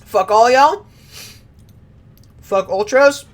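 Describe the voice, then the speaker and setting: A woman's voice: on the high side, drawn-out words. A woman streaming a video game, chatting casually, laughing often, swearing freely and reading game lines aloud. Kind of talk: casual gameplay commentary.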